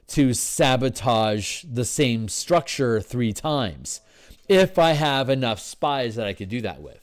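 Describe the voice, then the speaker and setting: Man, tired, game designer livestreaming, halting restarts, thinking aloud, keyboard typing behind. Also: mid-range voice, very animated. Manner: halting, restarts and repeats, says he is tired and yawning. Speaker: game designer streaming his work.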